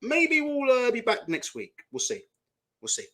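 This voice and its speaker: Man, young adult, high voice, bright, live-stream host, blunt, swearing, laughing. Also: huge pitch swings, moderate pace. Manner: blunt, swearing, laughs a lot while ranting. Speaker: boxing channel host. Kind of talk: casual live-stream chat.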